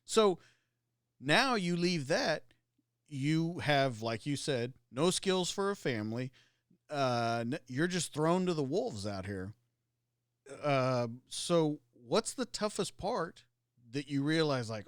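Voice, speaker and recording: A man's voice: fairly high pitch, big pitch swings, slow, clean tone, no echo. A man hosting a podcast interview in a studio, asking loose, rambling questions. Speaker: podcast host. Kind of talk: casual interview.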